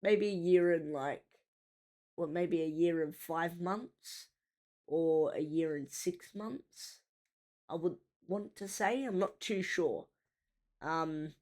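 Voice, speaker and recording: A woman's voice: fairly low pitch, a little mellow. A woman giving casual, rambling commentary while reacting to a rap song, with many fillers and half-finished thoughts. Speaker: music reaction host.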